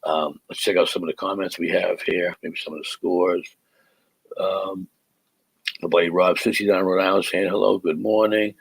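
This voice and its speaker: A man's voice: low-pitched, level tone, moderate pace, vocal fry, slightly rough, dry recording, low-quality recording. A middle-aged man, hosting a live podcast as a comic and telling stories in a rambling, stop-start way. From Boston area, USA. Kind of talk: casual live podcast chat.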